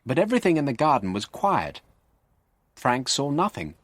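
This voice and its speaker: A man narrating a graded-reader story for English learners in a slow, clear and expressive way. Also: medium pitch, dry recording.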